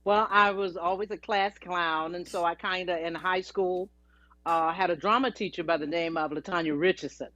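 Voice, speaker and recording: A woman's voice: on the low side, steady tone, moderate pace, fairly bright tone, no echo. Chatty woman telling stories, dry lo-fi. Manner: chatty, anecdotal storytelling. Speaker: guest, singer and actress. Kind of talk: storytelling interview. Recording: dry, dull lo-fi audio.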